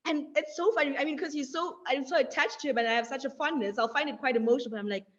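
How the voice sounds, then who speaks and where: High-voiced woman speaking slowly. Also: dull audio. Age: young adult. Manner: measured, drawn-out phrasing, frequent "like" and "right?". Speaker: webinar speaker. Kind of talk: reflective motivational talk.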